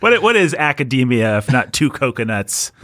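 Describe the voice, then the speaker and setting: A man's voice: mid-range voice, big pitch swings, moderate pace, a bit bright, no echo, clean studio sound. A young man hosting a podcast in a playful, joking casual chat. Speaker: podcast host.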